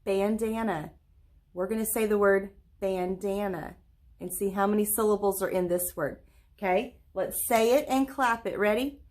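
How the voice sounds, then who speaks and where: A woman teacher leading a recorded virtual lesson for young children, speaking slowly and clearly with lots of encouraging check-in questions. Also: mid-range voice, darkish tone. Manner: claps and stretches words into syllables.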